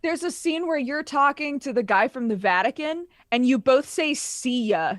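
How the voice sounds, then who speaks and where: A woman co-hosting a podcast, chatting casually about games as an animated, laughing storyteller who swears freely. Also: sits high, normal speed, dry recording, studio quality. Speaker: podcast co-host.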